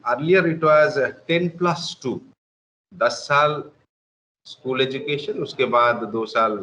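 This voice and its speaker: A man's voice: mid-range voice, fairly bright tone, a little hiss or hum, low-quality recording. A man lecturing as a guest professor, speaking hesitantly with many filler sounds. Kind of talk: online lecture.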